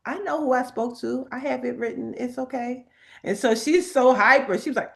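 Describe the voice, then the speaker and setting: A woman hosting a spiritual talk, animated and emphatic, laughing often as she reads inspirational cards. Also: on the high side, moderate pace, creaky. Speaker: host. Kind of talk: spiritual talk and card reading.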